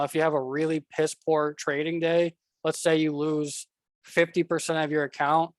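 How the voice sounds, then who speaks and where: A man's voice: on the high side, no echo. A man coaching traders in a casual, blunt talk over slides, often repeating himself and addressing the viewer directly. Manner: blunt, repetitive, talks straight to the viewer. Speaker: trading coach.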